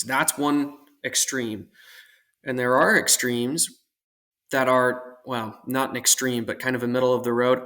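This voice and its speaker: A man's voice: mid-range voice, a bit bright. A man from Oregon, a guest armorer on a podcast, talking in a casual, earnest and reflective way at length. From Portland, Oregon.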